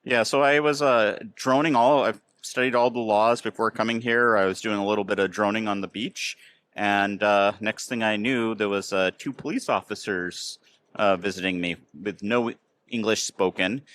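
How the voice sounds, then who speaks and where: A man's voice: on the low side, steady tone, normal speed, fairly bright tone, clean tone. An American man hosting a casual podcast chat, telling rambling stories full of ums and uhs. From United States. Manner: rambling, filler-heavy storytelling. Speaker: podcast host. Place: outdoors near a train station.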